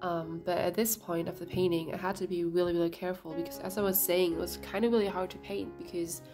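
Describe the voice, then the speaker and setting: A woman painter narrating her vlog in a casual voice-over, raspy and a bit sick, talking hesitantly with many fillers. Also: fairly low pitch, flat delivery, fast, over music. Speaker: painter vlogger.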